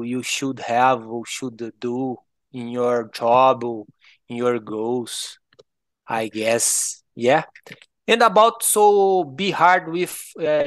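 A man's voice: on the high side, no echo. A man from Brazil with a Brazilian Portuguese accent, a native Portuguese speaker chatting in English. He hesitates, restarts often and laughs between phrases. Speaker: participant. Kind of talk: casual chat, English conversation practice.

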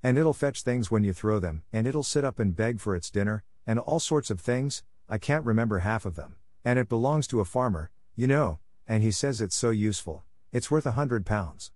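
A man's voice: fairly low pitch, animated, moderate pace, hardly any pauses, a little mellow, dry recording, studio quality, natural voice. A man reading the part of a polite, chatty little girl in a storybook, speaking earnestly. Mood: eager.

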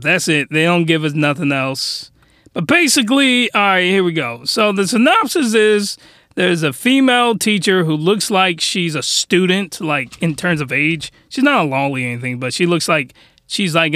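A young man recapping an anime comedically, slangy and animated with mock outrage. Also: fairly high pitch, dry recording, clean studio sound. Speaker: anime reviewer.

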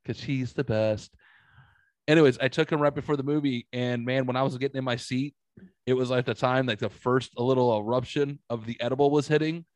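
A man hosting a casual podcast, telling stories in an animated way and swearing freely. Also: medium pitch, fairly quick, dry recording. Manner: animated storytelling, swears a lot. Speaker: podcast host.

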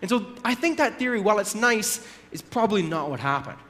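A male pastor with a high, slightly bright voice gives a conversational sermon, animated and brisk. He tells a story full of casual asides and small acted-out voices, and the recording has a long hall reverb.

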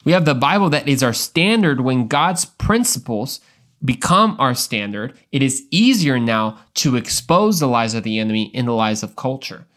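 A man's voice: mid-range voice, expressive, normal speed, a bit bright. A young adult man hosting a Christian devotional podcast, talking in an earnest, emphatic way with frequent restarts and repeated words. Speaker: podcast host.

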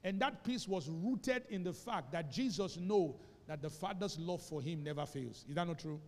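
Pastor, man, Nigerian English accent, high voice, preaching with big swings from hushed to shouted, church hall echo. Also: lively intonation, moderate pace. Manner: preaching with call-and-response, swinging between quiet asides and shouts. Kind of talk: sermon.

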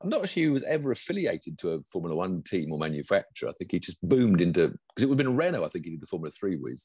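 A man's voice: low-pitched, very animated, very fast, a little mellow, breathy edge, no echo, clean studio sound. A British man co-hosting a casual motorsport chat, rambling and chatty. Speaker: motorsport podcast co-host.

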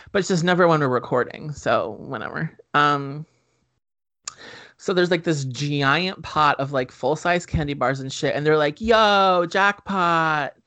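A man's voice: a little high, a bit bright. A man co-hosting a podcast who recaps a film in casual chat, joking and swearing, with lots of fillers. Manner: profane, joking, filler-heavy storytelling.

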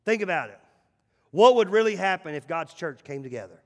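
A male pastor preaching a sermon in a church, emphatic, swinging between loud calls and hushed asides. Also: high voice, lively intonation, a little fast, long reverb tail. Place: church sanctuary.

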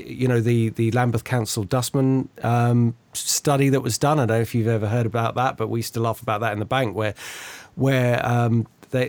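A man's voice: mid-range voice, dry recording. A man in casual conversation, telling stories about trading and acting out the voices of the traders he quotes. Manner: animated storyteller, acts out quoted traders. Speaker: market commentator.

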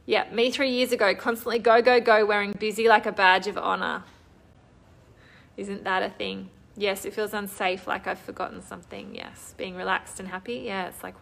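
A woman's voice: mid-range voice, flat delivery, moderate pace, creaky, a bit bright. A woman hosting a live online coaching session, talking enthusiastically and reading out viewer comments. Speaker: online course host. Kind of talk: live-stream coaching talk.

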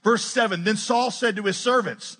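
A man preaching a sermon as pastor, animated and joking as he retells a scripture story. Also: high-pitched, normal speed, slightly rough. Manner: animated, jokey retelling with acted-out quotes.

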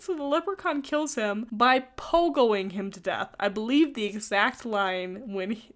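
A chatty woman co-hosting a podcast, recapping a movie in a loose, conversational way. She is opinionated and laughs easily as she goes, with a mid-range voice. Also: medium pitch. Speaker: podcast co-host. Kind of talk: casual chat recapping a movie.

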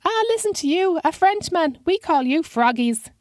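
Woman doing a shrill cranky old man. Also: sing-song, moderate pace, darkish tone, no room sound, studio quality. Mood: mocking. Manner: shrill and indignant. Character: wild-eyed old man, high-pitched, cranky.

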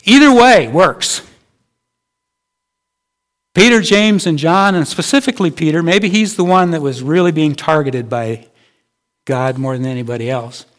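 A man's voice: a little high, a little slow, long pauses. A male pastor preaching a sermon in a conversational way, asking his listeners rhetorical questions.

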